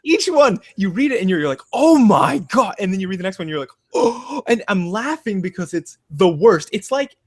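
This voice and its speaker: A man's voice: high voice, sing-song, fairly quick, hardly any pauses. Sarcastic man co-hosting a comedy podcast. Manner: sarcastic, swearing, mocking voices in asides. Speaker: podcast co-host; advises parents. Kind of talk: casual comedic commentary.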